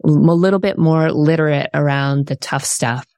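Low-voiced earnest woman guest. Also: steady tone, moderate pace, a little mellow, no echo. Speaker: author guest. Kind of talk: reflective interview talk.

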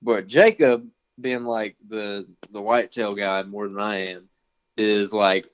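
A man's voice: mid-range voice, expressive, measured pace. A man co-hosting a hunting podcast in casual chat, often saying "like" and "dude". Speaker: podcast co-host. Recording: dull lo-fi sound.

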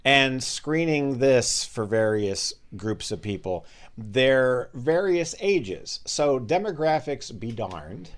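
A man's voice: medium pitch, lively intonation, takes it slowly. A man in a casual interview, asking long winding questions.

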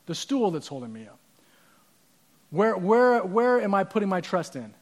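A man's voice: high voice, big pitch swings, moderate pace. A man preaching a sermon as pastor, conversational and using props and asides to the audience.

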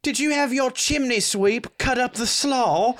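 A man voicing a fussy upper-class English gentleman at a cookout, prim and disgusted. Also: extremely high pitch, measured pace, voice pushed up.

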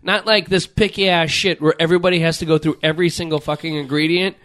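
A man's voice: a little high, fairly even intonation, quick pace, a bit bright, clean tone. A man hosting a casual chat, ranting with lots of swearing and putting on voices when he quotes people. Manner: profane, exasperated ranting with mock-voiced quotes.

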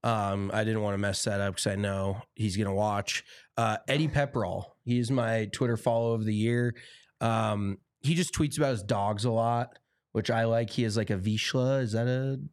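A man's voice: lowish voice, fairly even intonation, normal speed, smooth, no echo. Chatty guy cohost, lots of like and um, dry no-room sound. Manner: chatty, easygoing, filler-heavy. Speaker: podcast co-host. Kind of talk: casual chat.

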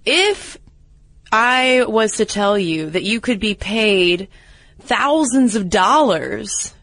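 A woman's voice: mid-range voice, expressive, slow pace, fairly bright tone, dry recording. Woman co-hosting a chatty podcast. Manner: chatty, storytelling, with hesitations. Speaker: podcast co-host. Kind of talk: casual chat.

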